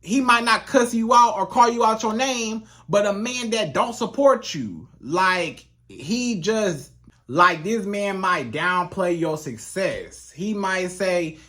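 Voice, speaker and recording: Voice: medium pitch, expressive, slow pace, sharp tone. A relationship coach giving casual, emphatic advice straight to the viewer, repeating points for stress. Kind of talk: casual advice monologue to camera.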